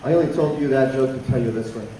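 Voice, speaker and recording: A man doing stand-up in front of a live audience, teasing and chatting with the crowd in a loud, playful way. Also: mid-range voice, fast talker, far from the mic, a little hiss or hum. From El Paso, Texas. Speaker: stand-up comedian. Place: comedy show stage with a live audience. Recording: echoey live venue, mic from afar. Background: audience laughter and chatter.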